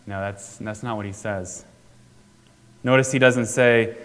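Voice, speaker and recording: Measured male pastor in a reverberant hall. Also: on the low side, fairly even intonation, clear, resonant tone. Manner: measured, unhurried, with frequent pauses. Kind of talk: sermon.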